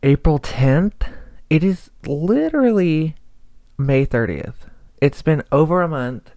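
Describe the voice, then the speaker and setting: A man's voice: fairly high pitch, very animated, takes it slowly, mellow, no room sound. A young man hosting a podcast, chatting casually on his own in a rambling, self-deprecating way. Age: young adult. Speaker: podcast host. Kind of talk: casual solo podcast chat.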